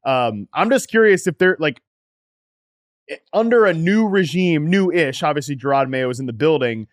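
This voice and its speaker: On a casual sports analysis podcast about fantasy football, this co-host keeps things energetic at a moderate pace, steering from one team to the next while running segments and tossing out questions in an easy analytical style. The recording is dry and studio quality.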